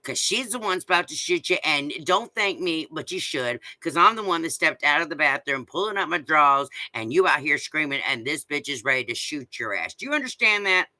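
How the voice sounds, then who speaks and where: A man delivers a blunt, profane rant straight to camera, with a piercingly bright, cutting voice. He hammers his points home with repeated rhetorical questions. The sound is bone-dry, with no room around it. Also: mid-range voice, no echo. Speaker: vlogger. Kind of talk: casual ranting monologue.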